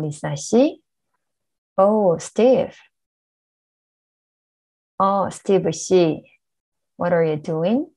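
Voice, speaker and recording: Woman teacher going over grammar slowly, lowish gravelly voice, keeps asking "right?". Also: darkish tone, rough recording. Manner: patient, explains step by step with checking questions. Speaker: Korean language teacher. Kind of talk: grammar lesson explanation.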